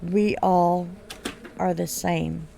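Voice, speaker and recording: Woman streamer in her 30s, unhurried and gravelly; blunt, swears freely while chatting over a game. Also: on the low side, flat delivery, mellow, slight background noise. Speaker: gaming streamer. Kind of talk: casual storytelling over gameplay.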